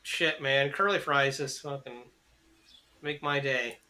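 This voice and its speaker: A young American man co-hosting a podcast in casual chat, rambling, profane and excitable. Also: medium pitch, takes it slowly. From United States. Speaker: podcast co-host.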